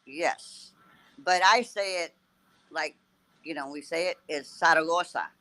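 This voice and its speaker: Woman guest on a video call, bright forceful tone, halting with lots of fillers. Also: sits low, low-quality recording. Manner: halting, fills every pause with "you know". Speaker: podcast guest. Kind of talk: casual podcast chat.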